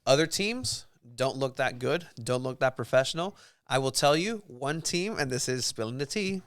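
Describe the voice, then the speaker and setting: A man's voice: mid-range voice, lively intonation, moderate pace, fairly bright tone, smooth, no echo. A man hosting a casual soccer podcast, chatty and leading the talk, asking his co-hosts questions. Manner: chatty, runs the segment and asks co-hosts questions. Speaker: podcast host. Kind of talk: casual sports podcast chat.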